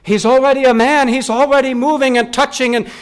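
A man preaching a sermon, swinging between raised, rising questions and hushed, low emphasis, often correcting himself and repeating words. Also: fairly even intonation, a little fast, smooth.

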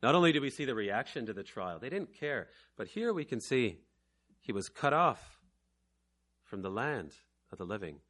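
Man, preacher, evangelical sermon, bright forceful tone, mid pitch, slow quiet lines and loud emphatic bursts. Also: very animated.

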